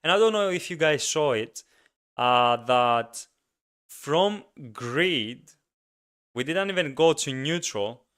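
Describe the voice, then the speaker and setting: A man's voice: on the high side, lively intonation, takes it slowly, fairly bright tone, clear, resonant tone. A man hosting a casual solo podcast, speaking emphatically and ranting with frequent repeats. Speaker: podcast host.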